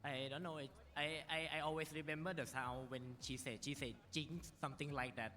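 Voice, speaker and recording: Man, quiz contestant, hesitant, bright tone, hall reverb. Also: fairly high pitch, fairly even intonation, a little fast. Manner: hesitant, stumbling.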